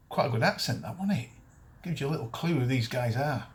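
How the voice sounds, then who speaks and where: A man in his fifties who hosts a detecting show and works as a dealer rants bluntly to camera in a casual chat, often restarting his sentences. His voice is mid-range, fairly quick, with lively intonation.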